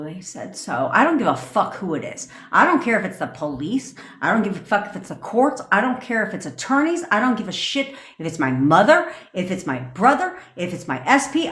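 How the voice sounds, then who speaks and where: A woman's voice: medium pitch, fairly bright tone. A woman manifestation coach ranting on a livestream, blunt, profane and emphatic, into a phone. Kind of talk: livestream rant. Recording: roomy echo.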